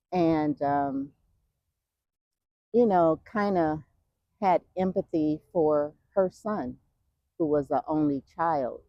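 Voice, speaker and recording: A woman vlogger talking while out on a walk, reflective and emotional, with many fillers and pauses. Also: deep voice, no echo, lo-fi sound. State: walking. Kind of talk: casual walking talk.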